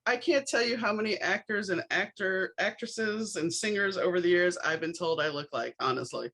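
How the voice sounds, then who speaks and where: A woman's voice: mid-range voice, moderate pace. A woman from New Orleans hosting a podcast, telling anecdotes in a casual, wry way and acting out the dialogue. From New Orleans, USA. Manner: animated storyteller, acts out dialogue with wry asides. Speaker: podcast host. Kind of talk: casual storytelling chat.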